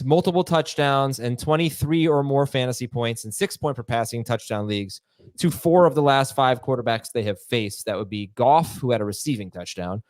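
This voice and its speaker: A man hosting a live sports chat, reading out viewer questions in a quick, playful way. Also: mid-range voice, no room sound, clean studio sound. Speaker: show host. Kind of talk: live fantasy football Q&A.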